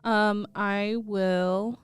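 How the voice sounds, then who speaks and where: A woman at a tabletop game who thinks aloud while she plans her moves. Her voice is smooth and clear, and the sound is dry and close. She keeps a relaxed, chatty tone. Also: mid-range voice, drawn-out words, no room sound, faint music behind. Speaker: player. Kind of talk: casual tabletop game play.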